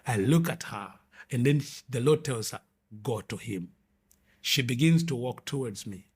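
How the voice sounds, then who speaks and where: A man earnestly telling his personal testimony in a halting way, restarting his sentences often. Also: mid-range voice, lively intonation, breathy edge. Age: 20s or older, adult.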